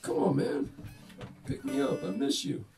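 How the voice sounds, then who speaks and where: A man putting on a high coaxing voice for his talking guitar in a comic stage story. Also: wildly swooping pitch, unhurried, vocal fry, heavily acted. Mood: pleading. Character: talking acoustic guitar, coaxing, pleading old friend.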